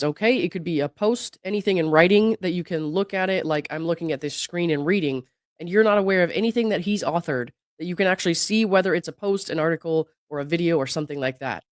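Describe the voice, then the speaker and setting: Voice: mid-range voice, dry recording. A host reading out a legal deposition, voice worn down by illness. Quotes both sides evenly, then cuts in with doubtful remarks. The sound is dry and close, with no room around it. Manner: reads quotes evenly, breaks in with skeptical asides and laughs. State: sick, voice not at its best. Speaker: legal commentary channel host. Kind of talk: reading a deposition transcript aloud with commentary.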